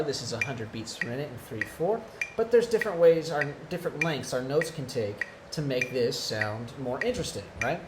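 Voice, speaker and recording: A man's voice: mid-range voice, noisy background. Man counting beats in a music lesson. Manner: explains patiently, counts beats aloud; conversational, frequent "right?". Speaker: church music teacher. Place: church.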